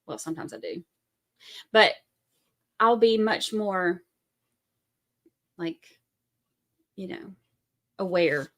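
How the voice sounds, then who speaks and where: A chatty Southern woman hosting a relaxed livestream from home, talking loosely to her viewers and reading their comments. Her voice is bright and forward, with an easy, rambling flow. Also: fairly low pitch, takes it slowly, long pauses. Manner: chatty, rambling, reads chat aloud. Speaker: livestream host. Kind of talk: casual livestream chat.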